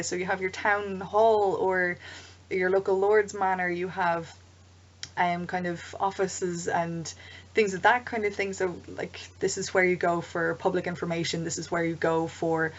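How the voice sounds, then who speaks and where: Chatty woman with a low voice. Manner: chatty, digressive, with ums and asides. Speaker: game master advice vlogger. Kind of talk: casual explanatory vlog. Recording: dull lo-fi home recording.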